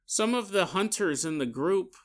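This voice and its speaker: A man's voice: sits high, lively intonation, normal speed. Man voicing a hesitant village mayor. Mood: asking. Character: village mayor, middle-aged man, worried.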